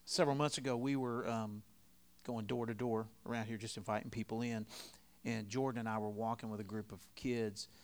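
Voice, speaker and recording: A middle-aged man preaching a sermon in a conversational, storytelling way, swinging between loud and quiet. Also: lowish voice, fairly even intonation, fairly quick. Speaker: pastor.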